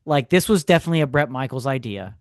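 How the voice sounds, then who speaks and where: A man, co-hosting a podcast, telling a story in a casual, animated way with sarcastic asides. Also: mid-range voice, fast talker, dry recording, clean studio sound. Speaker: podcast co-host. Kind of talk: casual chat.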